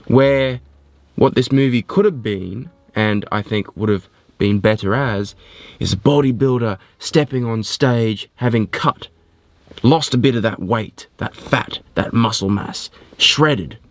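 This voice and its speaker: A man giving a casual spoken film review, animated and rambling, often poking fun at himself. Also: medium pitch, no room sound. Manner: animated, rambling, self-mocking.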